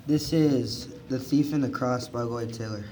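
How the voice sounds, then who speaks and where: A man reading a poem aloud at a church service in a plain, steady way. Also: mid-range voice, measured pace, background noise. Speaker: scripture reader.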